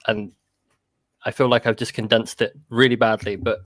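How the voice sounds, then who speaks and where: A man recounting a personal encounter in casual conversation, halting and full of restarts and "like". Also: fairly low pitch, little pitch movement, a bit bright, dry recording.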